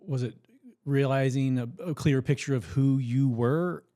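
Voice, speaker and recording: Calm, mellow-voiced man asking questions. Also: medium pitch, normal speed. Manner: calm, supportive, asks probing questions. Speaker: podcast co-host. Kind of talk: casual conversation.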